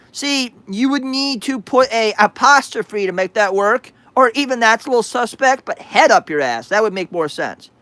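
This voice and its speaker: A man's voice: very high-pitched, lively intonation, measured pace, a bit bright, no room sound. A man hosting a livestream, reading chat aloud with crude sarcasm and frequent hesitations. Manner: sarcastic, profane, hesitant with many uhs.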